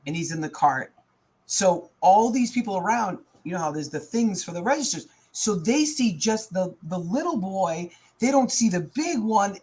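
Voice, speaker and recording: A woman's voice: on the low side, a little hiss or hum. A woman, a mother, bluntly telling a heated story in casual chat at home, with some swearing.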